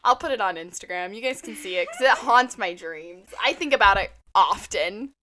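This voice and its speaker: A woman in her twenties co-hosting a podcast, telling stories in an animated, teasing way with lots of swearing. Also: medium pitch, normal speed, a little hiss or hum. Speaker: podcast co-host. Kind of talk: casual chat.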